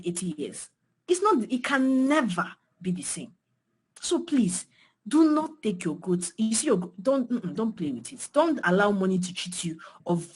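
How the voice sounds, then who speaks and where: Nigerian woman, husky voice, fired up mentoring talk, keeps repeating herself for emphasis, pitch jumps all over. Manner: emphatic, swings pitch and loudness widely, repeats phrases for emphasis. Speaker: design mentor speaking to beginners. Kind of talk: passionate motivational talk.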